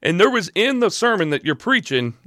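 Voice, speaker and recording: A man's voice: sits high, big pitch swings, fairly quick, pushed and bright, no room sound, studio quality. A middle-aged man hosting, telling a long story and pressing his guest with questions. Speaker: host. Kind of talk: confrontational interview.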